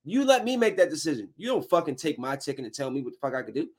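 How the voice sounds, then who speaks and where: A man's voice: on the high side, fast. A man telling his viewers a story in a casual, heated rant full of swearing. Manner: profane, heated, animated retelling. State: angry while recounting.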